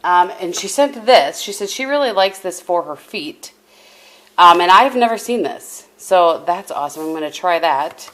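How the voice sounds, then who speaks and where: A woman's voice: on the low side, animated, moderate pace, a bit bright. A middle-aged woman vlogging at home, chatting casually to camera in a rambling way with many restarts. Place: at home indoors. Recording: echoey room with faint background hum.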